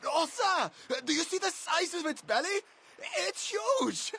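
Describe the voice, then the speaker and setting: An earnest young companion. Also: male voice, extremely high pitch, very animated, a little slow, vocal fry, bright, forceful tone, heavily acted. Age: young adult. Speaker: game character.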